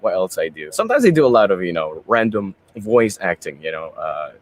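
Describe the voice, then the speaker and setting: A man's voice: deep voice, big pitch swings, fairly quick. Chatty young man in an interview. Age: young adult. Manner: chatty, rambling, mixing English and Tagalog. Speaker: pageant candidate. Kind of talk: casual interview answers.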